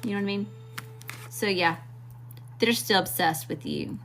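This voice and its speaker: A woman's voice: mid-range voice, normal speed, fairly bright tone, slight background noise. A woman from Mississippi with a Southern accent, giving a blunt, slangy live tarot reading straight to her viewers. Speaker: tarot reader.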